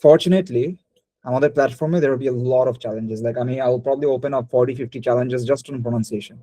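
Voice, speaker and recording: Fast-talking man teaching. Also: mid-range voice, warm tone, no echo, rough recording. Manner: rapid mix of English and Bengali, frequent restarts. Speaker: spoken English teacher. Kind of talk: live online class feedback.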